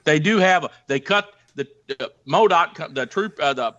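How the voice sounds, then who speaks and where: Man from the Ozarks, middle-aged, bright voice, rambling crude storyteller, animated. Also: fairly high pitch, moderate pace, dull audio. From Ozarks, United States. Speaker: podcast storyteller, former police officer. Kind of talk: casual storytelling chat.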